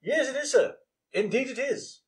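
An actor playing a stubborn police assistant in a live comedy sketch, dry and deadpan with a stuffy politeness. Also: male voice, very high-pitched, moderate pace.

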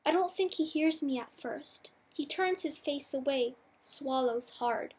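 A woman reading a novel aloud in the first person, measured and softly dramatic. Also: high voice. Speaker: audiobook reader.

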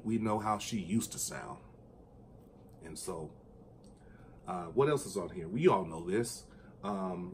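A man chatting casually and enthusiastically about his record collection, at times singing along in a high falsetto. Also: darkish tone, a little hiss or hum. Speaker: vinyl collector vlogger. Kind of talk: casual chat.

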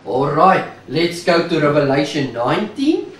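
A man preaching a sermon, emphatic and slow, repeating key words and stretching out phrases. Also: a little high, very animated, fairly bright tone, a little hiss or hum. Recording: echoey room, mic at a distance.

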